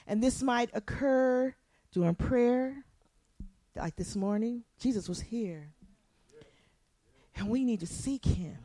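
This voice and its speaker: A woman preaching a sermon in church, swinging from soft, low asides to impassioned near shouting. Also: no echo.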